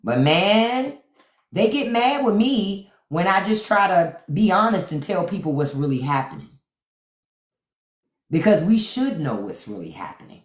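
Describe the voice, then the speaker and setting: A woman's voice: on the low side, big pitch swings, a little slow. A woman talks to her live viewers in a sassy, mocking way, and her voice swings up and down a lot. She's recorded on a phone or webcam in a room with a noticeable echo. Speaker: host of a live stream. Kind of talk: casual live-stream commentary. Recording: echoey room.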